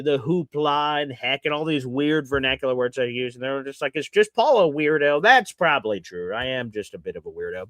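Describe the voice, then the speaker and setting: A man's voice: mid-range voice, fairly bright tone, no echo, clean studio sound. A man hosting a live sports reaction show, ranting and sarcastic toward his audience. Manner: ranting and sarcastic, mocking fans in put-on voices.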